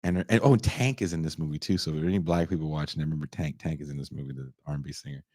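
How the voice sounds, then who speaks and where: A young man hosting a podcast, retelling a movie in casual, profane chat and putting on quick voices for its characters. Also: extremely low pitch, dry recording, clean studio sound. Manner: profane, animated storytelling with put-on character voices. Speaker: podcast host.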